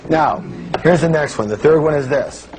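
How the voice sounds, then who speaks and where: Energetic man leading a seminar crowd. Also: on the high side, moderate pace, poor audio. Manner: energetic, prompts the audience to answer, playful jokes. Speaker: motivational seminar speaker. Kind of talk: live seminar talk with call-and-response. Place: stage before a live audience.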